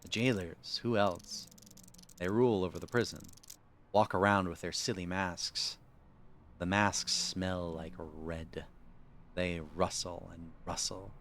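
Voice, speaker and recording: A man voicing a creepy, starved male blind prisoner in a game, with a hissing, breathy, half-whispered snake-like voice that is drawn out and taunting. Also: low voice, steady tone, slow, fairly bright tone, exaggerated voice. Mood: sneering. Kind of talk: reading game dialogue aloud.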